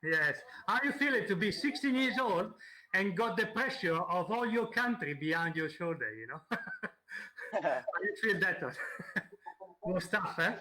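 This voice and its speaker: A man's voice: high-pitched, lively intonation, pushed and bright, poor audio. A man hosting a live-streamed interview, translating for the audience with many hesitations and fillers. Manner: halting, many fillers, switches between languages. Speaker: host and translator.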